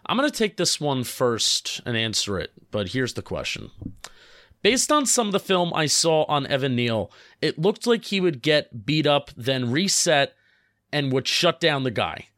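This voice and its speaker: Excitable young male podcast co-host. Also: fairly high pitch, no echo, studio quality. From New Jersey. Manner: upbeat, excitable, hurried asides. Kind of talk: casual sports podcast chat.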